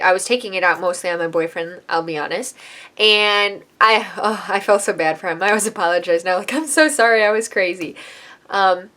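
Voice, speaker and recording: A woman's voice: mid-range voice, bright, forceful tone. A woman in her twenties, a hairstylist, telling a personal story in a candid, emotional, chatty vlog style.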